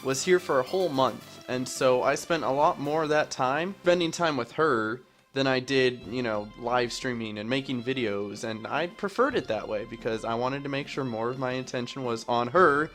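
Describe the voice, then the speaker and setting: A man's voice: medium pitch, normal speed, a bit bright, faint music behind. A young man recording chatty Let's Play commentary as a gaming YouTuber, rambling and self-mocking as he jokes with his viewers.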